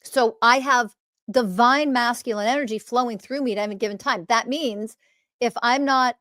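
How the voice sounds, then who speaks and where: A woman hosting a solo spiritual podcast, talking in an animated, emphatic way that now and then turns to swearing. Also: on the high side, normal speed, no echo, clean studio sound. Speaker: podcast host and spiritual teacher.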